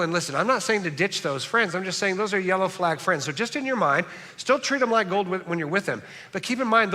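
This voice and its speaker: In a reverberant church sanctuary, a middle-aged man delivers a sermon as pastor, his voice high and sharp. He keeps it chatty, cracking jokes and poking fun at himself.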